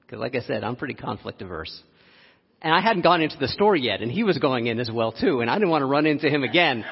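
A man preaching a sermon, telling a personal story with frequent laughs and an animated delivery. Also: a little high. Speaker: pastor. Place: church sanctuary. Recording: dull lo-fi audio, long hall reverb.

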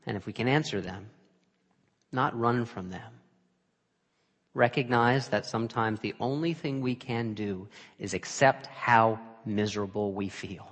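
A man's voice: on the low side, unhurried, fairly bright tone. Dramatic male preacher in a reverberant hall. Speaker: pastor. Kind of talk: sermon.

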